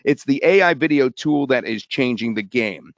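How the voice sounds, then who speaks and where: An excitable man hosting a live sales webinar, rambling and restarting as he pitches. His voice sits in a middle range and sounds dry, with dull, lo-fi webinar audio. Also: normal speed, dry recording. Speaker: webinar host.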